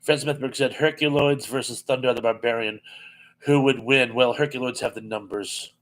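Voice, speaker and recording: A chatty man hosts a casual live stream and reads viewer comments aloud. He laughs easily and fills his pauses with ums and uhs. His voice sits in an ordinary middle pitch for a man. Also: steady tone, a bit bright, poor audio. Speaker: live chat host.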